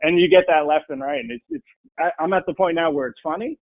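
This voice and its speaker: A man's voice: on the high side, lively intonation, quick pace, vocal fry, no echo, rough recording. A man in a casual interview, talking bluntly and with passion about his own trading. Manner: blunt, passionate, mimics people in quotes. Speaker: podcast guest, full-time trader.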